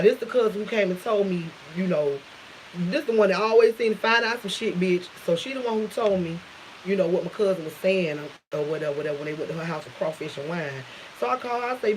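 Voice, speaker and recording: Woman, storytime vlogger, low voice, profane, animated quotes, faint hiss. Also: a little fast, rough recording. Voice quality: profane, dialect-rich, acts out quotes. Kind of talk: casual storytime vlog.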